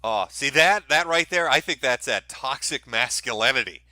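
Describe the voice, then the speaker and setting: A man's voice: mid-range voice, animated, moderate pace, sharp tone, no echo. A man hosting a commentary show, mocking the video clips he plays with profane, sarcastic remarks. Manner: mocking, profane, mimics people in sneering voices.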